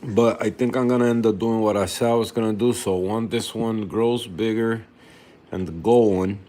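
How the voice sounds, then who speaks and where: A young man with a fairly low, dark, steady voice speaks at a moderate pace in a casual home vlog. He's a reef tank hobbyist showing off his aquarium, rambling and restarting often, sometimes with his mouth full as he eats.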